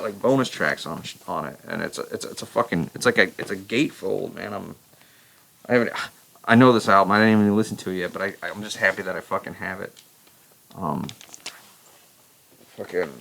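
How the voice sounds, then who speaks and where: Male vlogger with a low, gravelly voice, profane and rambling. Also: fairly bright tone, poor audio. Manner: profane, rambling, enthusiastic, many restarts. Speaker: metal vlogger and vocalist. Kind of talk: casual record review chat.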